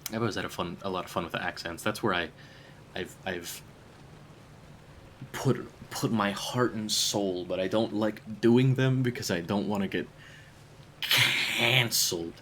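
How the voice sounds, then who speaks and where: A man's voice: fairly low pitch, a little slow, sharp tone, slight background noise. A man chatting casually on a game stream, rambling between puzzles and laughing often. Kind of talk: casual gaming stream chat.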